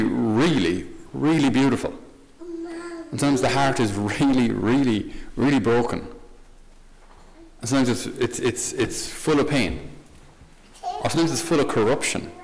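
A man, a Catholic priest, giving a conversational homily with light humor and questions to the listener. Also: medium pitch. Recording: long hall reverb.

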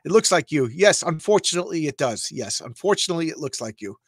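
A middle-aged man from Long Island talks through old comic pages, stumbling over his words with excitement. His voice sits a little high for a man, and the sound is dry and close with no room echo. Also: fast, husky. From Long Island, New York. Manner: excitable, stammering repeats, rambling asides. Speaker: comics show host. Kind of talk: casual comic read-through commentary.

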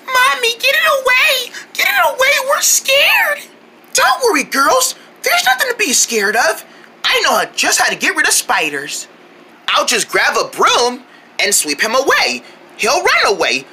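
A gentle cartoon mother soothes her frightened girls, as a woman puts her on, her voice very high, bright and unhurried. She talks in a calm, reassuring play-pretend manner. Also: heavily acted. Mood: soothing.

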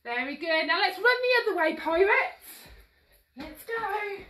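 A woman with a very high, pushed and bright voice and lively intonation talks a little slowly, with a faint hiss or hum underneath. She's hosting a live-streamed toddler action-song class, moving and a little breathless, coaxing the kids along in a cheerful, encouraging sing-song. The recording is echoey, her voice distant.

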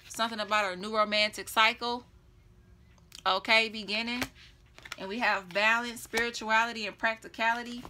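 Bright-voiced woman doing a chatty tarot reading. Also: fairly high pitch. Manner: chatty, laughing often, blunt and profane. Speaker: tarot reader.

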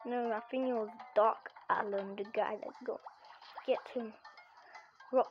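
A woman with a high voice talks slowly through a game she plays, frustrated and complaining as things go wrong. The recording is muffled and lo-fi, with faint game music behind her. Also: fairly even intonation. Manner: frustrated, complaining, keeps asking why. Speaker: gamer. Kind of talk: gameplay commentary.

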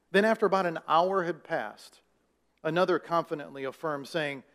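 A male pastor preaching a sermon in a conversational way, raising his voice for emphasis and putting questions to the congregation. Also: a little high.

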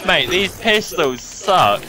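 A man's voice: high voice, big pitch swings, slow. A man chatting casually as a co-player during a game, laid-back and self-deprecating. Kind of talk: casual gaming chat. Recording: noticeable background noise.

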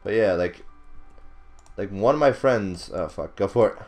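A man's voice: on the low side, lively intonation, unhurried, darkish tone, faint music behind. A young man giving casual, rambling commentary over his own gameplay, swearing often, laughing at himself and bursting out in frustration. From not British. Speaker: gaming commentator.

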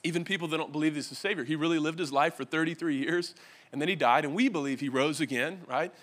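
Male pastor, 30s, Californian American accent, slightly higher voice with a bright edge, conversational preacher who jokes with the congregation. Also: fast. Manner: joking, conversational, asks the crowd questions. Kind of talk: humorous sermon. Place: church stage.

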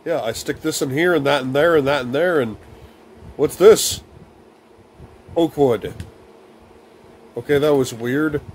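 A young man hosts a silly, comedic let's-play video, babbling baby talk and rhyming nonsense words while gaming. His slightly high voice is unhurried with long pauses, and there's a little hiss or hum in the recording.

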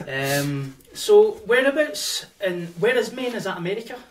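A man's voice: high-pitched, very animated, normal speed, far from the mic, background noise. A man hosting a podcast, asking laid-back, jokey questions. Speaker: podcast host. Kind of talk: casual chat.

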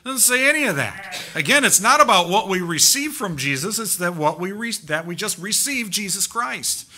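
A man preaching a sermon as pastor in a church, emphatic and animated, firing off rhetorical questions. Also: high voice, normal speed. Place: church sanctuary.

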